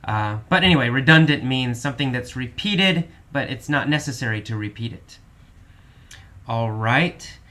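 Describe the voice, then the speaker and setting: A man's voice: medium pitch, lively intonation, pushed and bright. A man teaching English vocabulary, explaining each word patiently and repeating definitions several times. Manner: slow, patient explanations with frequent repetition and fillers.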